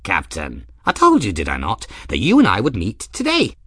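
A man voicing an eccentric, excitable old male scholar in an audiobook, in a high, thin, scattered voice. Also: moderate pace, slightly rough, no room sound, studio quality, full character voice. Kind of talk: audiobook character voice.

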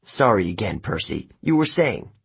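A man playing a calm, overworked courier who talks in an easygoing, slightly weary way. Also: on the low side, moderate pace, creaky, husky, full character voice. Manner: relaxed and easygoing, a little weary.

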